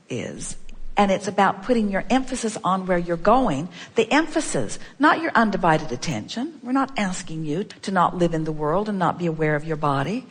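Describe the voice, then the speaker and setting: A woman giving a motivational seminar talk, speaking as a collective "we" in a playful, repetitive way. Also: medium pitch. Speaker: inspirational speaker.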